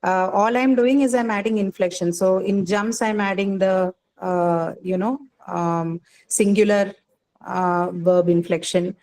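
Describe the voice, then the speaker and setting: A woman's voice: mid-range voice, steady tone, measured pace, darkish tone, low-quality recording. A woman teaching an online class, explaining patiently with many fillers and tag questions.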